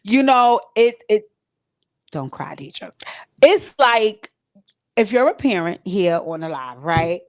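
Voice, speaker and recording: A woman's voice: medium pitch, very animated, takes it slowly, pauses often. Woman host, casual live stream from home, direct and emotional with viewers. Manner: emotional, talks to viewers directly, tearful at times. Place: home recording space.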